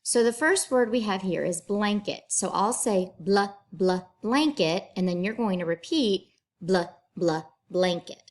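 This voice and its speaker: A woman teacher, patiently leading young children through a phonics lesson and sounding each blend out clearly. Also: medium pitch, lively intonation. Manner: slow, clear enunciation with drawn-out sounds; patient, encouraging.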